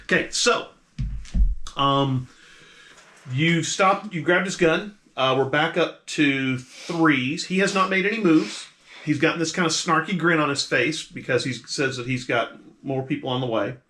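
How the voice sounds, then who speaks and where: A man's voice: fairly high pitch, measured pace, bright, forceful tone. A man narrating as the game master of a tabletop role-playing game, in a casual, rambling way with many fillers.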